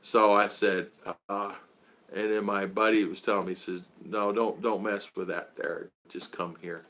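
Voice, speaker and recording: A man's voice: on the low side, little pitch movement, a little slow, fairly bright tone. A man hosting a casual live-stream vlog, rambling with frequent "uh"s and restarts and greeting viewers in the chat by name.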